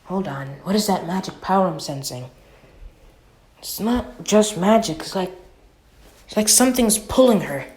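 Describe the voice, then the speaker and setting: A woman voicing a young male fire mage in a fan retelling, speaking low, flat and subdued. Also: moderate pace, pauses often, echoey room, natural voice, poor audio. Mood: serious.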